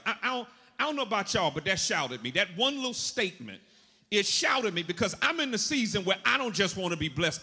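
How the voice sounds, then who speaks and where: A man preaching with a high, bright voice that swings widely in pitch. He calls out lines for the congregation to repeat back. His voice rings with the long reverb of a church hall. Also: fairly quick, slightly rough. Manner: animated call-and-response preaching. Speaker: pastor. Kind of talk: sermon. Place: church sanctuary.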